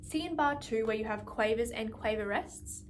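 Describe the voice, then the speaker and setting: A woman's voice: a little high, normal speed, a little hiss or hum. A woman music teacher giving an instrumental lesson, patiently explaining and counting beats aloud.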